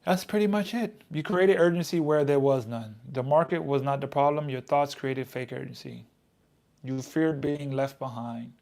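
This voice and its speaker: A man's voice: mid-range voice, moderate pace, creaky, a little mellow. A man casually reading trading advice aloud and reacting to it in his own words, repeating lines for emphasis. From United States. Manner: reads text aloud then comments, emphatic repetition. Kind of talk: casual reflective self-talk.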